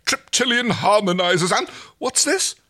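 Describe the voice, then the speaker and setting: A man's voice: high voice, very animated, a little slow, sharp tone, pitched above the performer's own voice, exaggerated voice. A man voicing a pompous regal male alien sovereign, speaking grandly and haughtily in a podcast story reading. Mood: delighted.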